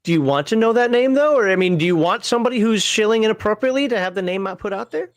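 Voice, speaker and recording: Male stream host, a bit high-voiced, reading out chat with blunt opinions; dry close-miked sound. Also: animated, fast talker, dry recording. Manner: opinionated and wry, with frequent fillers. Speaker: host of a livestream panel show. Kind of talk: casual livestream chat, reading viewer comments.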